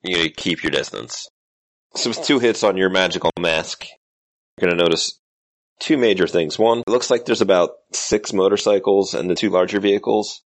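A man narrating as game master of a tabletop role-playing game, explaining scenes in a relaxed way. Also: low-pitched, normal speed, no room sound.

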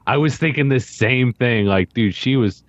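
A man co-hosting a podcast in relaxed, profane, filler-heavy chat. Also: mid-range voice, moderate pace, no room sound, muffled recording. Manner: laid-back, swearing, filler-heavy. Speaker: podcast co-host and guest. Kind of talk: casual podcast banter.

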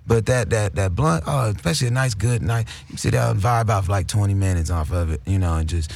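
A man in casual chat, laid-back and rambling, with a husky, gravelly voice. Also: fairly low pitch, brisk, darkish tone.

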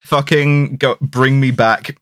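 A man co-hosting a casual podcast about a film, talking in an animated, sweary way with frequent restarts and laughs. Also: mid-range voice, slow pace, no echo, studio quality. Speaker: podcast co-host.

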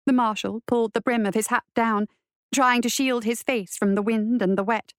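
A woman narrating a western adventure story in a steady storytelling voice. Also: on the high side, normal speed, smooth, no echo, studio quality. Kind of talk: audiobook narration.

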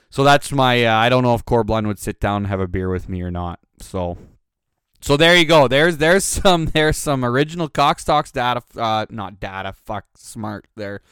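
A man's voice: on the low side, fairly bright tone, clean tone, no room sound, clean studio sound. A man hosting his own podcast, telling a rambling, profane, self-mocking story in a casual way. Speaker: podcast host.

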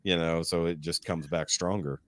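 A man's voice: low-pitched, steady tone, normal speed, a bit bright, no room sound. A man from Texas hosting a podcast, chatting in an easygoing, rambling way without a regional twang. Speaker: podcast host. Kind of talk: casual chat.

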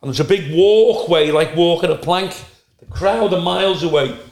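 A male stand-up comedian telling profane, animated anecdotes in a casual podcast chat. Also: fairly high pitch, normal speed. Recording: roomy echo.

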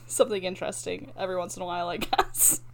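A woman's voice: on the low side, fairly even intonation, fast talker, vocal fry. A woman co-hosting a casual podcast chat, rambling and laughing often. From Idaho. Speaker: podcast co-host.

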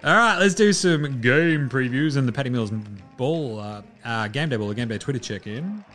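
A man's voice: mid-range voice, animated, moderate pace, a bit bright, soft background music. A man hosting a basketball show in casual solo commentary, loose and chatty, with the odd swear word. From Australia. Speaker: basketball podcast host.

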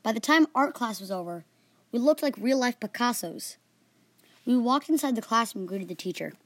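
A girl hosting her own storytelling podcast, reading in an earnest, animated way with small slips. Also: on the high side, normal speed, no echo.

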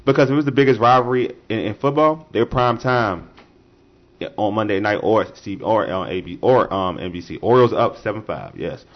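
A man's voice: on the low side, expressive, fairly quick, muffled recording. A man co-hosting a casual sports podcast, joking and laughing often as he banters with his co-host.

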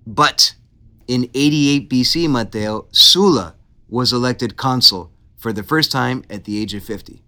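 A man hosting a casual history podcast, telling the story with animated, playful asides. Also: medium pitch, measured pace. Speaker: podcast host.

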